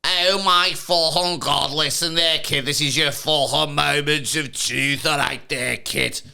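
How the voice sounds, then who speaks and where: A woman's voice: low voice, steady tone, a little slow, creaky, bright, forceful tone, clean tone, heavily acted. Man putting on a brash Scouse woman host. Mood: jeering. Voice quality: exaggerated, sweary, jeering.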